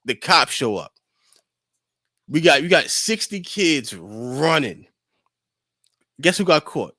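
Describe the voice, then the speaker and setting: A man's voice: a little high, slow pace, dry recording. Young dude on a podcast rambling through a story, doing his buddies' voices, super dry mic. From New York. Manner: animated storyteller, acts out friends' voices, lots of "like". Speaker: podcast co-host. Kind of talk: casual storytelling chat.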